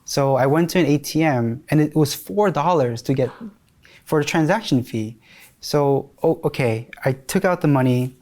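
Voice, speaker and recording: A man's voice: a little high, normal speed, darkish tone. A man in his thirties from New York, candidly and emotionally telling his life story in an interview, often restarting his sentences.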